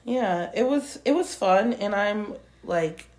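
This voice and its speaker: A woman co-hosting a laid-back podcast, her pitch swooping all over as she tells stories. She slips into squeaky voices to imitate children, and her speech carries a twang. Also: takes it slowly. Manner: animated storyteller, mimics kids in high voices. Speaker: podcast co-host. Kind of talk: casual chat.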